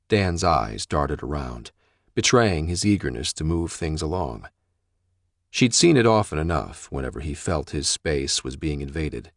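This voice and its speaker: A man reading a novel aloud as audiobook narrator, measured and expressive. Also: very deep voice, gravelly, no echo, studio quality.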